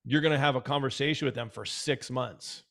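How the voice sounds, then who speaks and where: A man's voice: medium pitch, a little fast, gravelly, a bit bright. A man working as a dental practice consultant, talking casually and with emphasis, often repeating himself and acting out what clients said. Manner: emphatic, repeats words, acts out quoted clients. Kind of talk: casual advisory talk.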